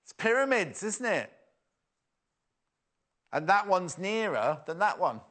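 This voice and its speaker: High, lively man presenting. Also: slow pace. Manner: chatty, self-mocking, giggly. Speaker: shopping channel presenter. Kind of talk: live TV sales chat.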